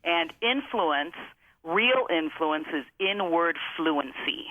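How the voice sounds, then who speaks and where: A woman telling her story as a guest, emphatic and motivational, slowing down to stress key phrases. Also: sits low, lively intonation. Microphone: phone. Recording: tinny phone line.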